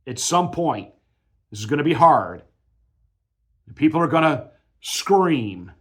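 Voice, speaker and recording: A man's voice: fairly high pitch, sing-song, slow pace, fairly bright tone, slightly rough. A male pastor giving political commentary in a combative, emphatic, mocking way.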